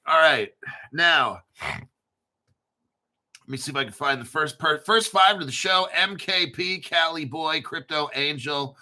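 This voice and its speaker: A man's voice: on the high side, animated, unhurried, long pauses, sharp tone. A middle-aged man hosting a livestream, chatting casually and rambling with profanity and frequent laughter. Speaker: livestream host.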